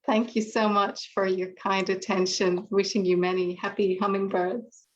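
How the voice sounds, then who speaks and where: A woman reading her own poetry aloud with slow, deliberate phrasing. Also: medium pitch, level tone, muffled recording, slight background noise. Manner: slow, measured, deliberate delivery. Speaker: poet reading her work.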